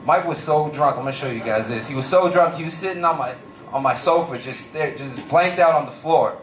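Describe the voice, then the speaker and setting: Young guy doing standup, slangy and animated, kinda high voice, echoey room, faint crowd noise. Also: fairly quick. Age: young adult. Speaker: stand-up comedian. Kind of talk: stand-up comedy. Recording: roomy live venue, distant mic.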